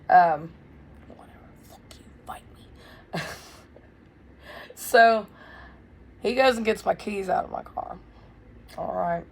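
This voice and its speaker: A young woman telling a wild story in a casual, blunt, profane way, loud and animated. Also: lowish voice, gravelly, a little hiss or hum. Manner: blunt, profane, swears freely. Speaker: vlogger.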